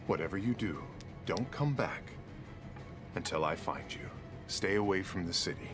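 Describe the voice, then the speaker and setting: Deep, expressive male player, tender in-character delivery, music bed. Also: normal speed. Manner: earnest and tender, speaking as a father. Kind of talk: in-character role-play.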